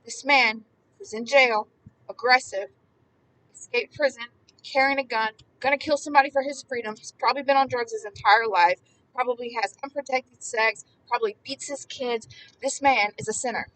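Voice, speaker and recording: Emphatic woman preaching with bright voice. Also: fairly high pitch, normal speed, distant mic, a little hiss or hum, poor audio. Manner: emphatic and repetitive, swinging between hushed and loud. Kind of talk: impassioned Bible commentary.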